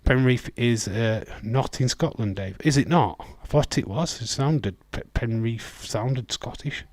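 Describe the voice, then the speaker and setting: A man with a Yorkshire accent hosts a live wrestling watch-along, chatting casually, laughing easily and responding to viewer messages. His voice sits at medium pitch with a darkish tone, his pace is measured, and there's no echo.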